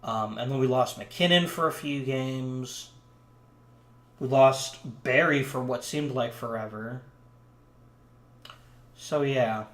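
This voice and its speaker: A man's voice: mid-range voice, slow pace, long pauses, a bit bright, roomy sound. A man casually commenting on a hockey management game he is playing, rambling with frequent ums. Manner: chatty, rambling, lots of ums. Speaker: let's play commentator.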